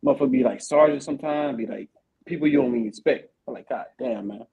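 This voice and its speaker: A man hosting a casual veterans' podcast, telling army stories in a profane, animated way with lots of repeated fillers. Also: medium pitch, fast, narrow, tinny audio. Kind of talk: casual chat.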